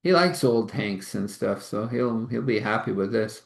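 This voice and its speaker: A man's voice: fairly low pitch, expressive, moderate pace, vocal fry, reverberant. A man voicing a practical, matter-of-fact chief who rambles through his plans.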